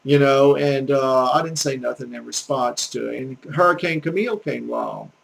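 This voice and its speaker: Southern drawl, older man, gravelly folksy teacher voice, earnest and a bit preachy. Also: mid-range voice, moderate pace, poor audio. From American South, Gulf Coast. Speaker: YouTube language teacher. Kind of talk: casual rambling monologue.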